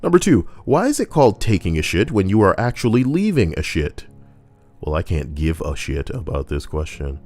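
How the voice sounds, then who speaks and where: A man with a very low, deep voice reads out online posts and mocks them in loose, crude commentary. He is sarcastic and rambles off on tangents as he goes. Soft music plays quietly behind him. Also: big pitch swings, normal speed. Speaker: YouTuber reading Reddit posts. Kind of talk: casual comedic commentary.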